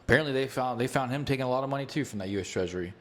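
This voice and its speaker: Man, talk show co-host, blunt and outspoken, stammers into his points, middle-pitched voice. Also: very fast, fairly bright tone. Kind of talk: casual political talk show chat.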